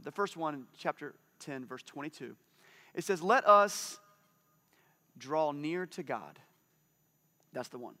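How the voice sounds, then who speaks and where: A man in his forties delivering a church sermon in a relaxed, conversational way. His voice sits a little high and rings bright and forceful. He swings between lively, animated stretches and quiet, hushed asides. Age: 40s. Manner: conversational, animated, drops to a soft hush for intimate moments. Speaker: pastor.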